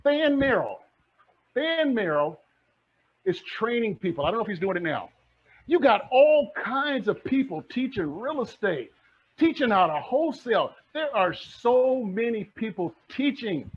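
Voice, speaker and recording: A man's voice: very high-pitched, very animated, a little slow, husky. A middle-aged man giving a fiery, passionate real estate presentation, repeating lines for emphasis. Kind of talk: energetic motivational talk. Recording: dull lo-fi recording.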